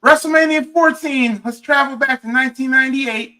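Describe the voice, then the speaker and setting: A man's voice: very high voice, fairly quick, sharp tone, low-quality recording. A man in his early thirties hosting a casual watch-along chat with friends, joking and leading the group. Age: early 30s. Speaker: podcast host.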